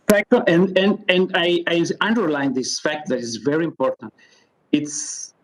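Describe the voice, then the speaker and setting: Halting man with a foreign accent. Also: a little high, rough recording. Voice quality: non-native English speaker. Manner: hesitant, many fillers and restarts. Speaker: company delegate at a council committee. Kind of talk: halting prepared statement. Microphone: remote video call.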